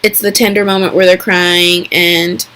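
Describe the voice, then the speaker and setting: A young woman talks through a TV episode recap in a loose, excitable vlog voice. She piles on fillers and slips into quick, exaggerated impressions of the characters. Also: fairly low pitch. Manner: chatty and excitable, full of fillers and "like".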